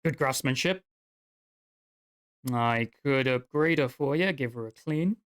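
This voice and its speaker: A man's voice: mid-range voice, measured pace, a bit bright, clean tone, natural voice. A man voicing an elderly, scarred male dwarf blacksmith who speaks bluntly and in clipped phrases while he haggles. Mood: gruff.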